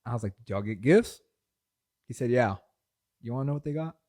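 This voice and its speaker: A young man co-hosting a casual podcast, telling stories with lots of laughter and his voice jumping high when excited. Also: fairly quick. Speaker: podcast co-host. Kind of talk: casual chat.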